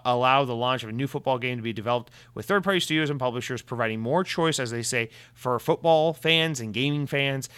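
A man's voice: mid-range voice, a bit bright, smooth. A man hosting a casual gaming news commentary, sarcastic and ranting, swearing often.

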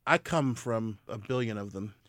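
Man, podcast guest, lively storyteller; dry close sound. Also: lowish voice, normal speed, dry recording. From US South. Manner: animated storyteller. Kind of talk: casual podcast conversation.

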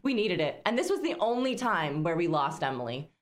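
A woman's voice: on the low side, very animated, fairly quick. A young woman co-hosting a podcast, telling a long road-trip story in casual chat, rambling with lots of fillers and laughs. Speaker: podcast co-host.

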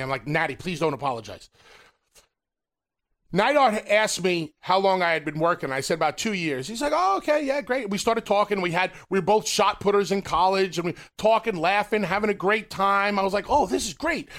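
Guy on a podcast, high voice, telling a rowdy story with swearing. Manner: animated storyteller, swears freely. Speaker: co-host, former wrestler.

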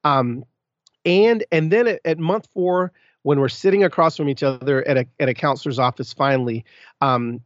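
Male podcast guest, slightly high voice, emphatic and animated, dry slightly dull recording. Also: no room sound. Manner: animated, emphatic bursts, frequent restarts. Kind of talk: candid interview storytelling.

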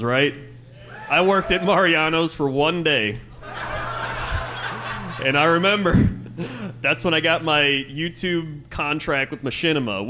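A man's voice: on the high side, bright, forceful tone, a little hiss or hum. A man co-hosting a live podcast, telling rambling, laughing anecdotes and acting out the people in them. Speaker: podcast co-host. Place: live venue stage.

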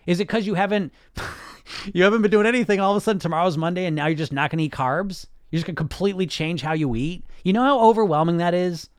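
A man's voice: sits high, quick pace, smooth, no echo, studio quality. A man hosting a casual podcast monologue as a weight loss coach, blunt and sarcastic, and he swears freely.

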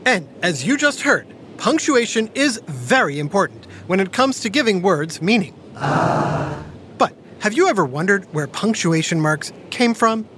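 Woman host, kids' podcast, lively swooping voice, playful storyteller. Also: mid-range voice, unhurried, slight background noise. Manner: whispery, animated storyteller.

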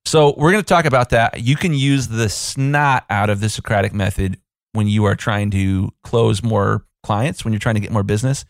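A man in his thirties with a lowish voice talks through a casual podcast episode as a business coach. He is chatty and self-deprecating, and he tosses in quick asides. The recording is dry and close, with no room sound. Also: creaky, no echo.

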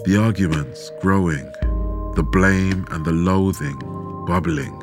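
A man telling a true story in measured, dramatic scripted narration, with rhetorical questions. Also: low-pitched. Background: background music.

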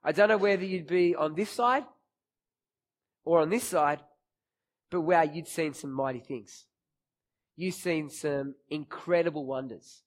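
A man's voice: on the high side, measured pace, pauses often. A man preaching a sermon in a church, retelling a scripture story with quoted lines and rising emphasis.

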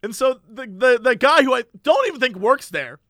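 A man's voice: extremely high pitch, normal speed, dry recording, studio quality. A man telling a funny anecdote in a casual chat, acting out the people in it and laughing often. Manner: animated, acts out voices in anecdotes, laughs often. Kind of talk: casual storytelling.

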